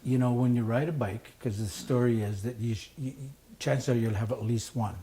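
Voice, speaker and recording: A man telling a story in a casual spoken way. He gets animated, acts out the voices of the people he quotes, and laughs often. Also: medium pitch, normal speed. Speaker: storyteller guest.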